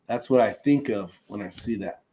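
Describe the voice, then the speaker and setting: A man hosting a relaxed livestream, reading viewer comments aloud and chatting loosely with plenty of fillers and chuckles. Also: on the low side, normal speed. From California. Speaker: host reading live chat. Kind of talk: casual livestream chat.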